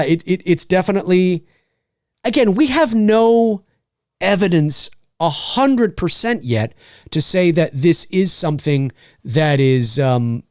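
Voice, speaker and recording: This middle-aged voice actor has a high-pitched voice and chats casually with viewers in a livestream Q&A. He's animated, often rambling and starting over, and the home-studio microphone gives a dry recording.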